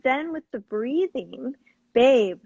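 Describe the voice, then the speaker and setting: A woman's voice: high-pitched, lively intonation, normal speed, breathy edge, dry recording, highs cut off. A woman host explaining techniques in an earnest, coaching tone. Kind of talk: conversational teaching.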